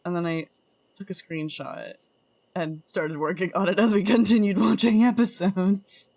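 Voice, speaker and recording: A woman's voice: fairly low pitch, fairly even intonation, normal speed, darkish tone. A woman streamer chatting casually and playfully with her viewers while she draws, often laughing. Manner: playful and giggly, greets chat members. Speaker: streamer drawing art live. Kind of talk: casual livestream chat with viewers.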